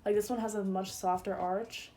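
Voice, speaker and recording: A beauty vlogger in her twenties chats through a get-ready-with-me makeup routine in a room at home, speaking at a moderate pace in a steady, warm, mid-range voice. She's crude and talkative, leaning on "like" again and again, and a faint hiss or hum sits under the recording.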